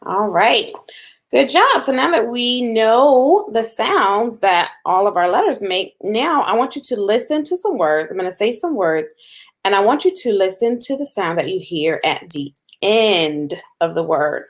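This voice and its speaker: A woman teaching a phonics lesson to young children, patient and encouraging, sounding out letters slowly. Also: mid-range voice, sing-song. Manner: slow, patient, drawn-out sounds with encouraging praise.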